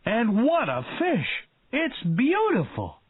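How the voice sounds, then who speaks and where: Excitable shark enthusiast, high and loud, read by a man, tinny line. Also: takes it slowly, breathy edge, dry recording, full character voice. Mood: excited. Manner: eager, shouting. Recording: tinny phone-like dry sound.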